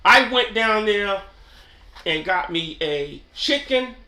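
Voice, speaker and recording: High, bright-voiced New man rambling. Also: lively intonation, takes it slowly, roomy sound. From New York. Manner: slangy, rambling, keeps asking "you know what I'm saying". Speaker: channel host. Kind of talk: casual off-the-cuff commentary.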